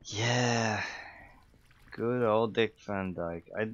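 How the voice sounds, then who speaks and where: Deep-voiced Irish man chatting. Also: a little slow, a bit bright, highs cut off, soft background music. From Ireland. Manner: chatty, rambling, with many fillers. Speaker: game streamer and voice actor. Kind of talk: casual chat while playing a game.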